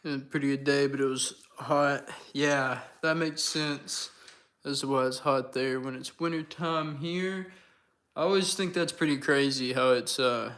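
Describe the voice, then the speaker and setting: A man's voice: mid-range voice, a bit bright. A young man hosting a casual livestream, chatting with his viewers and answering their comments while he works. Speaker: livestream host.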